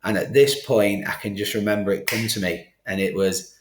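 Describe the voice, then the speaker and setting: A middle-aged man with a fairly low voice tells his story in a candid, animated way, acting out the voices of the people in it. His speech carries a noticeable room echo, as if recorded in a live studio. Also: moderate pace, noisy background. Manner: animated, acts out quoted exchanges. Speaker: podcast guest.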